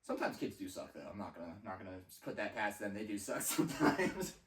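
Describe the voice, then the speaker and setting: A man's voice: fairly low pitch, very animated, fast talker, a little hiss or hum. A man co-hosting a casual podcast, reacting with wry remarks and frequent laughter. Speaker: podcast co-host. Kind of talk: casual chat. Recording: echoey room, mic at a distance.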